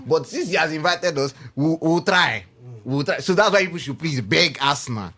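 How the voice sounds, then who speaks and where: Animated Nigerian man, lively pitch. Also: moderate pace. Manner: animated, teasing, mixes Pidgin into his English. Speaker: radio sports panelist. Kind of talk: casual radio banter. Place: radio studio.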